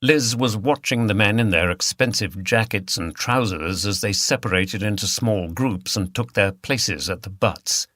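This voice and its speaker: A man narrating an audiobook in a steady, measured reading style. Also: fairly low pitch, dry recording, clean studio sound. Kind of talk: scripted narration.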